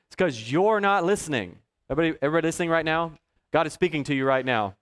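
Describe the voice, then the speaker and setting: A man's voice: fairly high pitch, fast, clean tone. A man preaching a sermon, telling personal stories and chuckling often. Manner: chuckles often, lively storyteller. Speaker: pastor.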